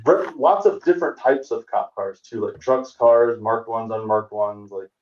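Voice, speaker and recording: A man's voice: medium pitch, normal speed. A man in his forties tells a road story with easy timing, acting out the people in it. He sits in an echoey room at some distance from a dull-sounding mic on a video call. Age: 40s. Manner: animated, acts out other people's lines. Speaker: comedian guest. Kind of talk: storytelling anecdote in casual chat. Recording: roomy, distant, dull remote call audio.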